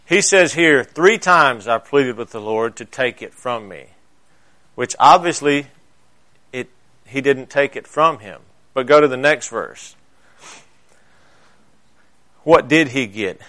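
A male pastor, preaching a sermon. He tells stories and swings between loud emphasis and quiet asides. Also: medium pitch, expressive, takes it slowly, long pauses.

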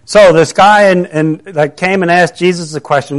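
A man's voice: fairly high pitch, fairly even intonation, normal speed, hardly any pauses. A middle-aged man preaching a conversational sermon, earnest and full of rhetorical questions.

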